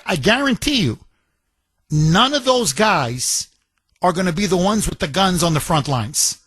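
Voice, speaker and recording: A man hosting a talk radio show, delivering an impassioned monologue at a quick clip and now and then slipping into mocking impressions. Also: sits high, a bit bright, breathy edge, no room sound.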